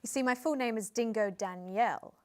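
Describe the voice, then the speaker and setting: A woman's voice: on the high side, fairly quick, darkish tone, natural voice. A woman playing a flowery British pseudo-therapist. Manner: theatrical, flowery, condescending. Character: self-styled female outback expert, meddling amateur therapist. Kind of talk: comedy sketch acting.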